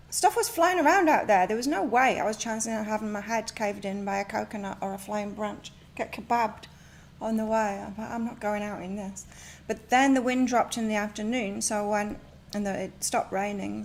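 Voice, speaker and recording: Her voice is medium-pitched, brisk and creaky, with a little hiss or hum behind it. She's a tarot and oracle card reader doing a home live stream, rambling and chatting while giving spiritual guidance.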